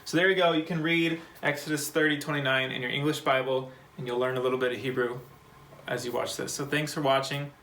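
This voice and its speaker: A man's voice: medium pitch, fairly even intonation, fairly bright tone, a little hiss or hum, rough recording. A man teaching a short Bible Hebrew lesson for a church kids' program, explaining word by word in a patient, step-by-step way. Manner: patient, slow, spells out words.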